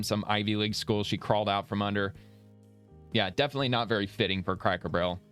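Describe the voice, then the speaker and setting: A man's voice: fairly low pitch, a bit bright, clean tone. A man hosting casual political reaction commentary, blunt and profane, rambling and laughing as he talks. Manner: rambling with many restarts.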